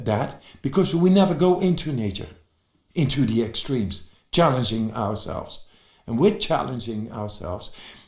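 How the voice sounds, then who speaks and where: Slow-talking man in an echoey room. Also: medium pitch. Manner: excited, halting with fillers and restarts. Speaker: speaker on breathing and cold. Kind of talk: motivational talk.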